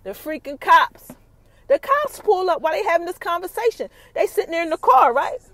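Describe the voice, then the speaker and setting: A woman hosting a podcast, giving a casual, slangy recap of a TV episode with teasing, animated build-ups. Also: very high-pitched, quick pace. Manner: slangy, conversational storytelling. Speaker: podcast host.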